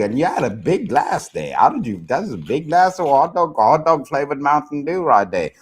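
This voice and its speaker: A man's voice: mid-range voice, big pitch swings, a little fast, few pauses, husky. South african guy reacting to clips, goofy and laughing, voice bouncing all over. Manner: joking, laughing, loose casual banter. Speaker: host. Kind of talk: reaction commentary.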